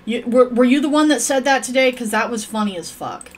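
A woman's voice: on the high side, fairly quick. A woman streaming a game, rambling to her viewers and cursing at her characters in crude, profane chat. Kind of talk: casual gameplay commentary.

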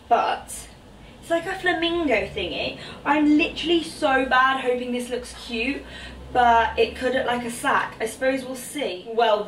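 A bubbly, chatty woman, her voice pitched a little high as she exclaims over clothes in a try-on haul. She sits back from the camera in a room at home, so she sounds roomy and a touch distant. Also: fairly bright tone, slight background noise. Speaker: fashion vlogger.

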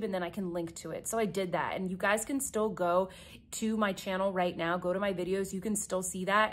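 A woman's voice: mid-range voice, fairly bright tone. A young adult woman, a beauty YouTuber, talking chattily and enthusiastically to viewers while doing her makeup at home, filmed on a phone. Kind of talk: chatty get-ready-with-me vlog.

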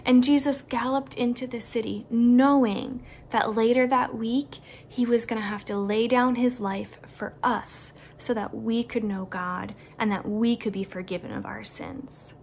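Woman, kids' church teacher, high voice, upbeat storytelling aimed at children. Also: measured pace, creaky, few pauses, slight background noise. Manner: animated, enthusiastic, speaks directly to kids.

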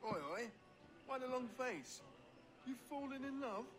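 An actor playing a cheeky, bawdy young pirate sidekick in a video game, jeering and stammering. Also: male voice, extremely high pitch, a little slow. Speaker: game character. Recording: game cutscene with music. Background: music score.

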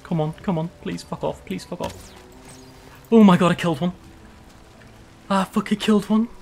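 Male streamer, a little high-pitched, jumpy and foul-mouthed, faint music behind. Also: normal speed, vocal fry. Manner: excitable, swears a lot, jumpy. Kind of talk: casual gameplay commentary.

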